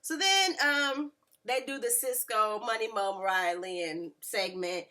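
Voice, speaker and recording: A woman, casually recapping a reality show and acting out quotes with lively voices. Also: medium pitch, a little slow. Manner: animated, mimics people in quotes. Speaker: reality TV reviewer.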